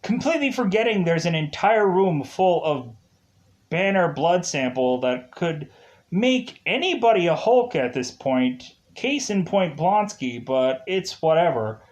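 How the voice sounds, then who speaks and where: A man's voice: fairly high pitch, lively intonation, a little slow. A man casually reviewing a movie, laughing often and acting out quotes as he retells it.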